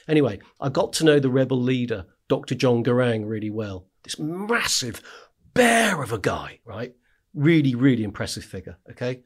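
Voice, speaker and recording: A man, a war correspondent, telling stories in a casual podcast chat, with frequent "right?" asides and laughing as he talks. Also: medium pitch.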